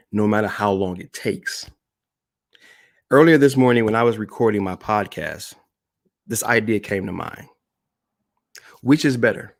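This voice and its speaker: A man speaking as a motivational speaker on a live-stream broadcast, emphatic and repeating key phrases while addressing the audience directly. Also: lowish voice.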